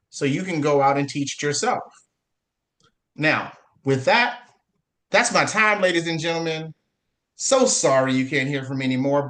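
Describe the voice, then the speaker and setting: A man giving an emphatic motivational business pitch to an audience before handing over the stage. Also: fairly bright tone. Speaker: presenter at business meeting.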